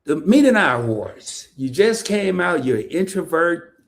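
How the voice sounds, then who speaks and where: A man hosting a casual livestream interview, chatty and animated, laughing often as he reads comments. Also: fairly high pitch, measured pace. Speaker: podcast host. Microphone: streaming setup, remote call.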